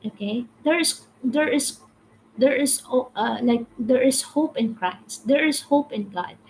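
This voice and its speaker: Slow, halting woman leading a devotional. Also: on the high side, darkish tone, a little hiss or hum, poor audio. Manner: halting, repeats words, reads viewer comments. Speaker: devotional livestream host. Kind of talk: casual devotional teaching.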